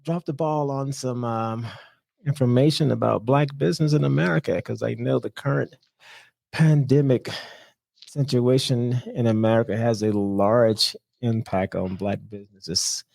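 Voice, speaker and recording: Relaxed male podcast host, dry sound. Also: mid-range voice, a little slow, gravelly, no echo. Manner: relaxed, laughs easily. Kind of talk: casual podcast conversation.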